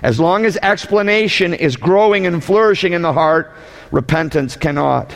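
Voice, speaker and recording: Gravelly preacher man in a reverberant hall. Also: fairly high pitch, moderate pace. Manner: animated preaching, mocking voices, shouting at times. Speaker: pastor. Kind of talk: sermon.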